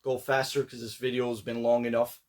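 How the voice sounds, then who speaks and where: A man's voice: medium pitch, brisk. Rambling male collector vlogger. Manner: rambling, relaxed, many fillers and restarts. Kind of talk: casual pickups vlog.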